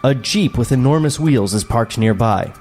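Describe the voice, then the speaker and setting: A man co-hosting a comedy podcast, reading a screenplay aloud with sarcastic, deadpan asides. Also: medium pitch, normal speed, soft background music. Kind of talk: comedic table read with commentary.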